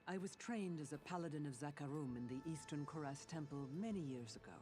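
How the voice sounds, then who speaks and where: An actor playing a game character, a man once trained as a temple paladin, telling of his past in a solemn, measured way. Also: fairly high pitch, lightly acted. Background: game music.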